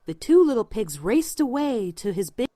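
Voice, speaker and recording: A woman narrating a fairy tale as a scripted storybook read-aloud, with an expressive, unhurried delivery. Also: a little high, no room sound, clean studio sound.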